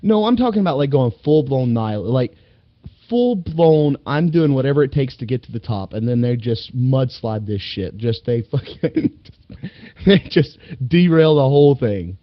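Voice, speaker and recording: A man's voice: mid-range voice, lively intonation, normal speed, no room sound. A man with a mid-range voice rambles through a casual political podcast, swearing and laughing between thoughts. The sound is dry and somewhat dull, like a lo-fi home recording. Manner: rambling, laughs often, profane. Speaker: podcast co-host.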